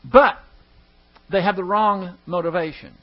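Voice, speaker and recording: Explaining a verse at an evening Bible study, a high-voiced male teacher halts, trips over words, and starts them again. Along the way he throws rhetorical questions at the class, and the recording comes across dull and muffled.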